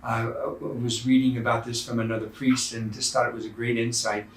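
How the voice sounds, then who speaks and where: A man's voice: mid-range voice, little pitch movement, brisk, roomy sound, far from the mic. A male priest giving a sermon in a conversational storytelling way with fillers, in a church.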